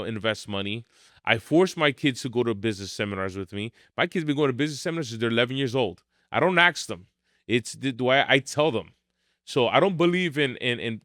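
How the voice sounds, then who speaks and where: A man's voice: mid-range voice, fairly bright tone, dry recording, studio quality. A middle-aged man, a martial arts school owner telling blunt, emphatic stories in a podcast interview.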